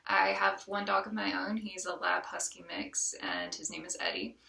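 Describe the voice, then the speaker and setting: A woman's voice: mid-range voice, big pitch swings, normal speed, gravelly, sharp tone, echoey room, recorded from a distance. A woman from the Southern United States with a light Southern accent, giving a chatty, casual self-introduction as a college student, with frequent ums and restarts.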